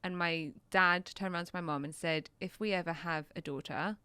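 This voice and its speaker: A woman's voice: fairly low pitch, steady tone, fairly quick, sharp tone, clear, resonant tone, no room sound. A woman from England, a personal trainer co-hosting a podcast, chatting in a teasing way and laughing easily. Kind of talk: casual chat.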